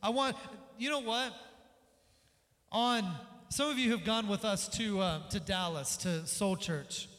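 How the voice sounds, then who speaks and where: High-voiced man preaching in a hall. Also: unhurried, long pauses. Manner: energetic preaching, acts out story voices. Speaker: pastor. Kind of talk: sermon. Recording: long reverb of a large hall.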